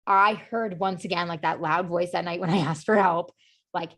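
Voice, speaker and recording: A woman's voice: fairly low pitch, fairly even intonation, normal speed, a bit bright. A woman guest on a podcast, telling her personal story earnestly and openly, with lots of "like" and "you know" fillers. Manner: earnest and emotionally open. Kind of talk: candid personal storytelling in conversation.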